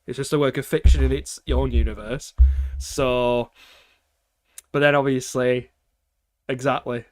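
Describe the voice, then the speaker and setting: A man's voice: medium pitch, smooth, no room sound, clean studio sound. A man streaming games and chatting casually, ranting with frequent swearing and laughter between points. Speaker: game streamer. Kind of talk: casual livestream chat.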